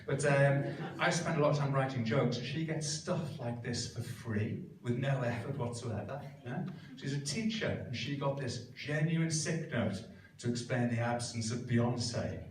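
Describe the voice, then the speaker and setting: A man's voice: medium pitch, unhurried. A middle-aged man from Wales doing a live stand-up set to a crowd, with a dry, self-mocking, punchy delivery. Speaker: stand-up comedian. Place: comedy club stage. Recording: echoey room, distant mic, noisy. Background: crowd laughter and room ambience.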